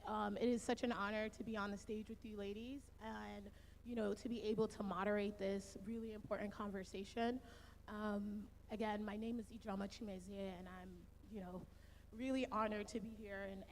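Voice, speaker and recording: A woman's voice: medium pitch, steady tone, darkish tone, a little hiss or hum. Earnest woman moderator in a reverberant hall. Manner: earnest, measured, with filler words. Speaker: panel moderator. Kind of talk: opening a panel discussion.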